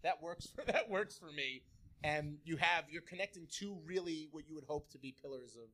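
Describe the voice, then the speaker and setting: A man co-hosting a live podcast, jumping in with quick remarks and sports analysis. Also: on the high side, bright, forceful tone. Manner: fast, interjecting, sports talk. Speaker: podcast co-host.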